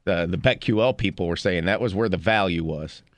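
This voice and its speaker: A man's voice: sits low, fairly quick, no room sound. A man co-hosting sports talk radio, arguing his points with betting odds.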